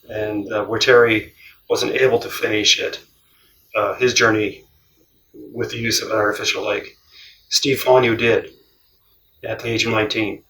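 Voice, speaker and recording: A man's voice: mid-range voice, recorded from a distance, a little hiss or hum. A man telling stories casually, laughing often and acting out the people he quotes. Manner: animated, laughs often, acts out quoted voices. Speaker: cross-country traveller. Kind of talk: casual storytelling. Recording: roomy, from off-mic.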